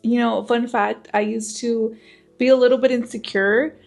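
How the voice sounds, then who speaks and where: Young woman, slight lisp, highish voice, casual vlog host talking straight to camera. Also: fairly even intonation, normal speed, gravelly, a little mellow, faint music behind. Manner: candid, chatty, swears casually. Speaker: self-improvement channel host.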